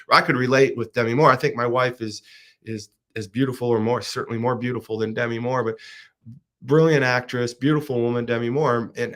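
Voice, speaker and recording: A man's voice: medium pitch, fairly bright tone. A middle-aged man hosting a show, animatedly retelling a film plot in a casual monologue with frequent restarts. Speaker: podcast host.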